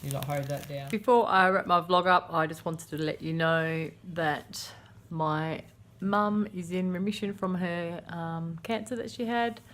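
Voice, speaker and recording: Vlogging casually from her kitchen at home, this Australian woman in her thirties chats and wanders off on tangents, using plenty of fillers. She speaks at a measured pace with few pauses, in a voice on the low side that comes across a bit bright.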